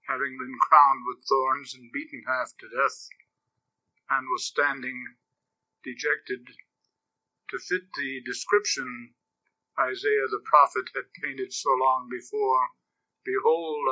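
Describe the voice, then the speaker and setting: A man preaching a sermon as a priest, grave and slow at times, lively and animated when he tells stories. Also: mid-range voice, no echo, low-quality recording.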